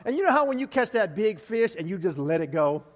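High-voiced preacher in a reverberant hall. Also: male voice, a little fast. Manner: animated, with stammered restarts and chuckles. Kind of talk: storytelling sermon.

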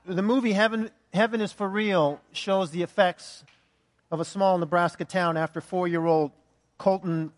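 A man pastor giving a conversational sermon, telling a joke, praying softly, and speaking to the congregation. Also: high-pitched, fairly even intonation, moderate pace, in a large hall. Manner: conversational, fillers, soft in prayer.

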